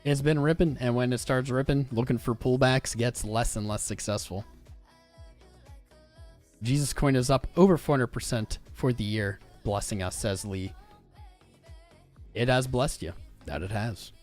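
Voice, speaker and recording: A man of middle pitch hosts a live trading stream in an easy, upbeat, chatty way, reacting to charts and reading comments aloud. Faint music plays softly behind his voice. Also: a little slow, long pauses. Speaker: crypto livestream host.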